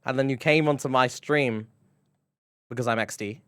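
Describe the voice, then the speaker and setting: A man's voice: medium pitch, normal speed, a bit bright, clean tone, no echo. A man with a British accent chatting playfully with his viewers on a live stream, often breaking into giggles. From Britain. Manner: playful, giggly, reacting to chat.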